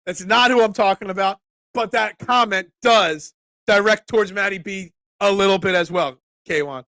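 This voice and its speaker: Congested, bright-voiced male talk host. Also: high-pitched, moderate pace, dry recording, studio quality. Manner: rambling, talks back to chat commenters. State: congested, voice cracking. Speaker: sports talk show host. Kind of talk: casual live-stream chat reading viewer comments.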